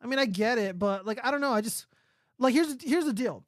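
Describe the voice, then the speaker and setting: A man's voice: very high-pitched, lively intonation, a little fast, no echo, studio quality. A man hosting a livestream, ranting casually and profanely while answering chat. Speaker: livestream host.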